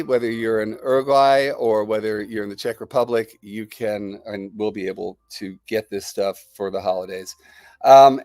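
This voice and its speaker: A man's voice: lowish voice, a little mellow, no room sound, studio quality. Chatty man hosting a live stream. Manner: chatty, rambling, enthusiastic salesman. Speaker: host. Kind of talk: live-stream product chat, answering viewer comments.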